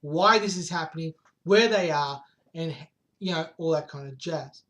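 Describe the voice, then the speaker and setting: Male vlogger, high-pitched, excitable, casual with rhetorical questions and light swearing. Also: normal speed. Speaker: manga chapter reviewer. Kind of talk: casual recap vlog.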